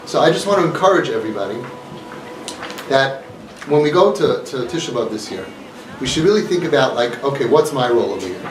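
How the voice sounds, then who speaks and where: With music playing in the background, a man with a mid-range voice and lively intonation speaks a little fast as an inspirational speaker. He gives an earnest, emphatic talk to an audience, repeating his points, recorded from afar in an echoey room with faint noise.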